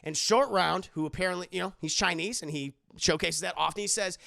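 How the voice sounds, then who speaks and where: A man's voice: high voice, moderate pace, gravelly, few pauses, pushed and bright, no room sound, clean studio sound. A young man streaming to a live chat, retelling a movie scene by scene, jumping into the characters' lines with changing voices and swearing freely.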